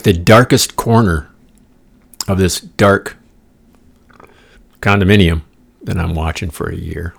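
A man hosting his own podcast, riffing in a profane, digressive comic monologue with playful asides and the odd whispered joke. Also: low voice. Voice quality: gravelly. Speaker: podcast host. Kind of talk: rambling comedic monologue. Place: condominium room.

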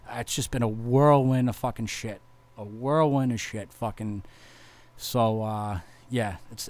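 Brief profane young metal bassist. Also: male voice. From Massachusetts. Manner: profane, rambling, heartfelt, lots of fillers. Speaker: touring metal bass player. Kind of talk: casual vlog thank-you message.

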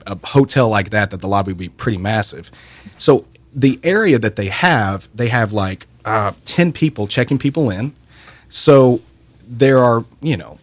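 A man's voice: on the low side, no echo. Rambling man spinning a hotel anecdote. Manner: rambling, animated anecdote with restarts. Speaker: radio show co-host telling a story. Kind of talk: casual radio banter, storytelling. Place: radio studio.

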